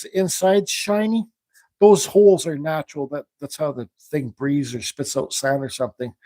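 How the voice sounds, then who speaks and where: Mellow-voiced man chatting while he carves. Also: a little high, moderate pace, dry recording. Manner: rambling, thinks aloud while working; reads viewer questions aloud. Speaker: woodcarving livestream host. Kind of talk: casual live demonstration chat.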